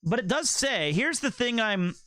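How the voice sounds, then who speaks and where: A man's voice: very high voice, animated, unhurried, bright, forceful tone, no room sound, clean studio sound. A man livestreaming and chatting casually with viewers, playful and joking, swearing freely.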